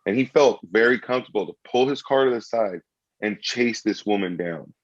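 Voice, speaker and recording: A man's voice: on the low side, fairly quick, no echo. A man comedian in casual podcast chat, telling stories bluntly and with swearing. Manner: blunt, profane storytelling. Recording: dry, dull lo-fi sound.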